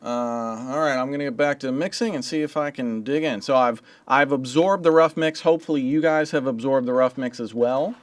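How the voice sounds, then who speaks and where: A man's voice: mid-range voice, a little fast, hardly any pauses, no echo. A man hosting a livestream as a mixing engineer, talking in a loose, chatty way with slang and the odd swear word. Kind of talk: casual livestream teaching.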